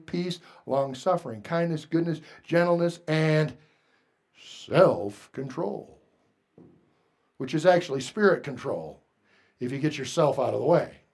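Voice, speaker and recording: Pastor, male, high voice, earnest sermon delivery swinging from hushed to forceful. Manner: swings between hushed confession and loud exhortation; earnest, plain-spoken preaching.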